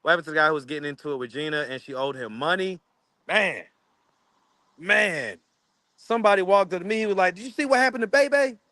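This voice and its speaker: A man's voice: fairly high pitch, sharp tone. A man chatting casually with viewers on a phone livestream, indoors in his apartment. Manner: chatty, addresses viewers directly, easygoing.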